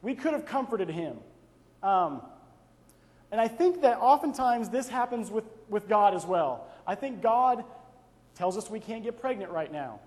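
The long reverb of a big hall surrounds a young man delivering a devotional talk. His voice sits high with a darkish tone, very animated yet measured in pace, and he keeps things conversational with personal stories and frequent "right?" tag questions.

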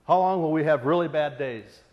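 Earnest preacher in a reverberant hall. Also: male voice, fairly high pitch, normal speed, lo-fi sound. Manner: earnest, rising to pleading intensity on repeated questions. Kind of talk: sermon.

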